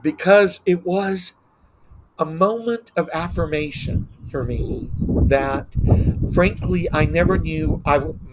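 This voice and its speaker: A man's voice: fairly high pitch, takes it slowly. A middle-aged man from South Texas, a podcast guest telling a personal story earnestly and getting teary, often repeating his words. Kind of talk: emotional storytelling interview. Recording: faint background noise.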